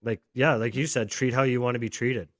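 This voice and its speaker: A man's voice: mid-range voice, fairly even intonation, a little fast, fairly bright tone, no room sound, clean studio sound. A man co-hosting a podcast, telling a story emphatically with frequent swearing. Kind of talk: casual podcast conversation.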